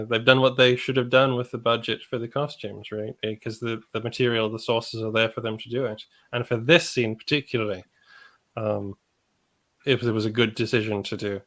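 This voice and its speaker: A man's voice: on the low side, fairly bright tone. A man, a guest historian on a livestream, thinking aloud with restarts and small laughs. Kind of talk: livestream reaction discussion.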